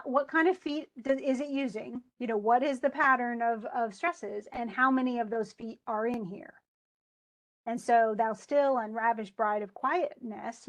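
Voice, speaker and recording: A woman teacher giving a casual, chatty lecture, often restarting and correcting herself as she explains. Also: sits high. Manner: chatty, self-correcting, enthusiastic.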